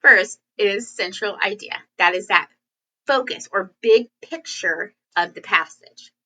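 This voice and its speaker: A woman teacher giving a classroom lesson in a chatty, animated way, acting out example sentences. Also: medium pitch, measured pace, rough recording.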